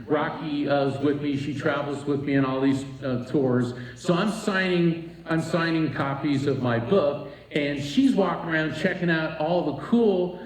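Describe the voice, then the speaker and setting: Animated male storyteller on stage, higher voice, roomy hall, distant mic. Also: measured pace, hardly any pauses, crowd noise. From East Coast Florida. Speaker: speaker at a retreat. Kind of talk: storytelling talk to a live audience. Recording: echoey room, voice from a distance.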